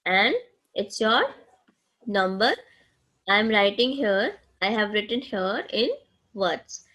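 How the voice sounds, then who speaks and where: Indian lady teacher, talks real slow, walks kids thru numbers step by step, keeps saying okay. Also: medium pitch, sharp tone, low-quality recording. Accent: Indian English. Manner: slow and deliberate, addressing students, frequent "okay" checks. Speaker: maths teacher. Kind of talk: recorded classroom lesson.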